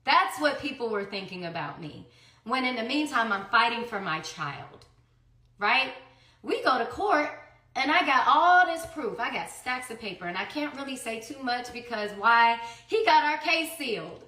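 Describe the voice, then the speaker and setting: Woman, bright forceful voice, emphatic storytelling, rhetorical questions, echoey room. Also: fairly high pitch, expressive, normal speed. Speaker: mother in a custody fight.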